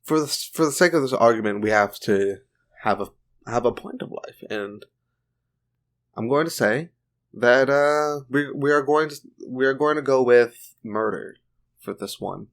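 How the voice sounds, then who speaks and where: A man's voice: medium pitch, unhurried. A man giving a casual opinion monologue for a video, informal and chatty with joking side remarks. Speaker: video commentator.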